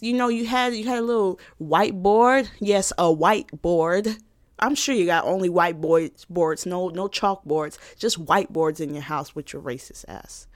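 A woman's voice: a little high, dry recording. Sassy lady going off in a vlog rant, dry close sound, no room at all. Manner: sassy, animated, laughing asides. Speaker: vlogger. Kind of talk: opinionated casual rant.

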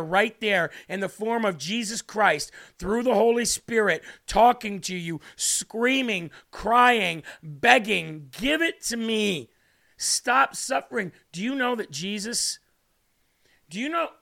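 A man's voice: sits high, a little slow, creaky, sharp tone. A man preaching an emotional livestream sermon, pleading and repeating questions for emphasis.

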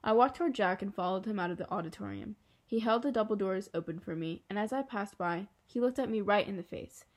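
A woman reading a first-person children's novel aloud in an earnest, soft storytelling manner. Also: mid-range voice. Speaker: audiobook reader.

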